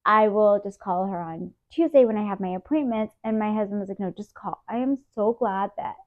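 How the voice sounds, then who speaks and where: A woman's voice: medium pitch, a little fast. A woman in her thirties, an interview guest, candidly recounting a hard personal experience and acting out the dialogue. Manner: emotional, animated retelling with quoted dialogue. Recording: tinny phone-like sound.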